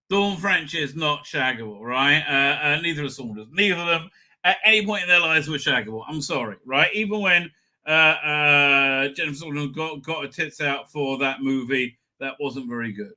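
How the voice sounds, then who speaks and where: A middle-aged man hosts a casual livestream, chatting off the cuff with his viewers. His voice is very bright and sits slightly high. He rambles through comments, full of fillers and restarts, with an irreverent streak. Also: animated, normal speed. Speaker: livestream host. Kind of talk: casual live chat reading viewer comments.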